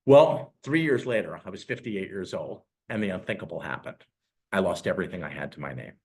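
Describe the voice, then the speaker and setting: A man in his sixties, a real estate recruiter giving a sales presentation on a live call, telling his story earnestly with emotional pauses. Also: deep voice, lively intonation, darkish tone. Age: 60s.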